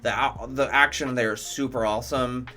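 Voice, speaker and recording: A man's voice: mid-range voice, steady tone, normal speed, bright, forceful tone. A man reviewing movies in casual commentary, enthusiastic, profane and rambling.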